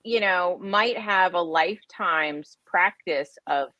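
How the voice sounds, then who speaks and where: A woman's voice: fairly low pitch, slow pace, bright, forceful tone, no echo, highs cut off. A woman guest on a livestream interview, chatting casually and laughing often. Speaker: guest, keto author and podcaster.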